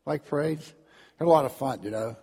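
A man's voice: on the high side, brisk, gravelly, warm tone, husky, long reverb tail. A man preaching a sermon in a storytelling manner, often repeating words and acting out crowd voices. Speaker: pastor.

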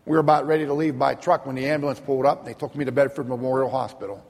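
A man, a minister, telling his personal testimony in an earnest, vivid storytelling manner, slowing down for emphasis. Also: mid-range voice, fairly even intonation, a little mellow, in a large hall.

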